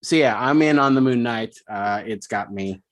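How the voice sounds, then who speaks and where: A man's voice: medium pitch, moderate pace. A man co-hosting a film podcast, chatting loosely and joking, often trailing off with fillers. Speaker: podcast co-host. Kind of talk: casual chat.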